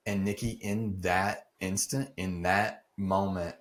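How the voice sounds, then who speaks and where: A man's voice: low-pitched, steady tone, slow, few pauses. A middle-aged man earnestly telling a personal story as a podcast guest, acting out the dialogue he quotes.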